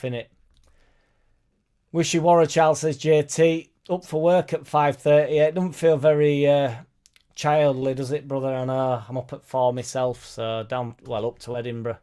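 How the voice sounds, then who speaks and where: A man's voice: medium pitch, steady tone, normal speed, dark tone. A man hosting a casual football fan live stream, reading viewer comments aloud and answering them in a chatty way. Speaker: fan channel host reading live chat.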